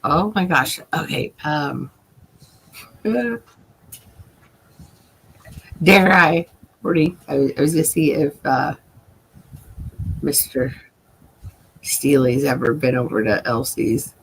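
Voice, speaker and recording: Laughing, gravelly-voiced woman streamer. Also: low-pitched, takes it slowly, long pauses, low-quality recording. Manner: rambling, profane, laughs a lot. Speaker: livestream host. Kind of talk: casual livestream chat. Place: at home, seated.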